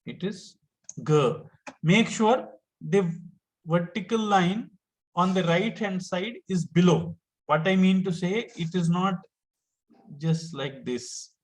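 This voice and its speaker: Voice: medium pitch, takes it slowly, poor audio. A teacher, giving an online lesson step by step and patiently repeating each point.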